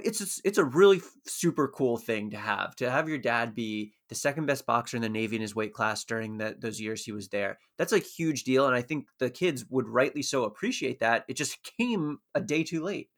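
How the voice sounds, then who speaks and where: A man's voice: medium pitch, fairly bright tone. A man with a mid-range voice co-hosts a podcast, walking through a sitcom episode in a thoughtful, analytical way. He leans on fillers and restarts as he works through his points. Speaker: podcast co-host. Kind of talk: casual chat recapping a TV show.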